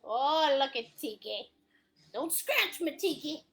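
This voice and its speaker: A woman's voice: high-pitched, lively intonation, slow pace, vocal fry. Playful woman leading a painting class. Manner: playful, silly, laughs often. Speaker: art instructor. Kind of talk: live painting class instruction.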